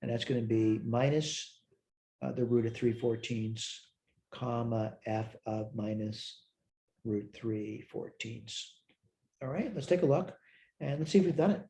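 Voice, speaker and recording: A man's voice: mid-range voice, a little slow, mellow. A tired man teaching a recorded math lecture, thinking aloud as he works problems, correcting himself and answering his own questions. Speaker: math instructor.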